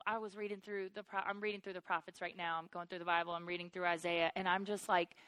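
A woman's voice: lowish voice, quick pace, no room sound. A woman teaching through the Bible in an earnest, personal way, calling listeners "you guys" as her wonder grows. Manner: earnest, builds to excited wonder. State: choked up with emotion.

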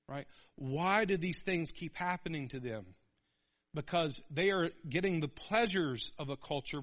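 A man in his thirties preaching a sermon, animated, calling out for amens and acting out little voices. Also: fairly high pitch. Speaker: pastor.

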